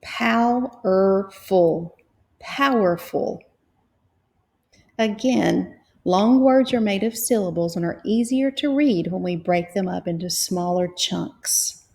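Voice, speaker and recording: A woman reading teacher leading a phonics lesson, spelling out letters and sounding out syllables slowly and patiently. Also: medium pitch, darkish tone. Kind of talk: slow, clear phonics lesson.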